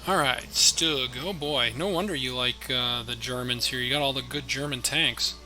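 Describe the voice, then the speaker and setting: A man's voice: medium pitch, moderate pace, bright, forceful tone, faint music behind. A man streaming a card game live, thinking his moves aloud in a chatty way and talking to his opponent and viewers.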